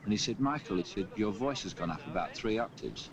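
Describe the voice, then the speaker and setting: A man with a Cockney accent telling an anecdote in an interview, animated with stumbles. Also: on the low side, fast talker, a crowd in the background. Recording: dull archival recording with faint hiss.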